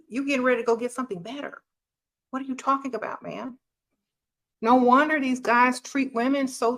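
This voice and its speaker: A woman's voice: high-pitched, fairly bright tone. A woman giving blunt relationship advice, scolding her listeners and mocking them. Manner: brash, scolding, mocks others in a whiny voice.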